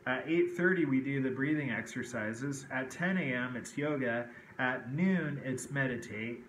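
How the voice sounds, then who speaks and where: A man's voice: medium pitch, measured pace, a bit bright, slight background noise. Rambling man in an echoey room. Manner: rambling, frequent "okay" and "kinda like". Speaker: vlogger. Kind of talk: casual personal talk to camera. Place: indoors at home. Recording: echoey room with faint ambience.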